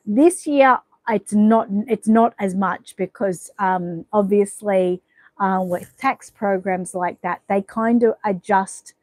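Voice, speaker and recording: A middle-aged Australian woman hosts a livestream, chatting casually as she reads viewer comments, rambling and bossing her audience around playfully. Her voice is mid-range and darkish, with no echo, on a rough recording.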